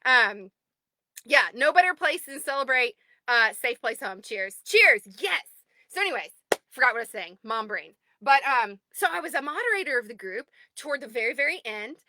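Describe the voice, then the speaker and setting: A woman in her thirties, the owner of an online group, chatting excitedly on a livestream from home and greeting viewers by name. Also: high-pitched, normal speed, dry recording. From United States. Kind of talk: casual livestream chat.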